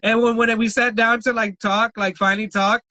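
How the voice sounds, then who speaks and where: A man's voice: very high-pitched, a little fast, no room sound, poor audio. A man co-hosting a podcast, telling wild stories in casual chat, swearing and laughing often. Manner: animated storyteller, swears a lot, laughs often. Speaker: podcast co-host.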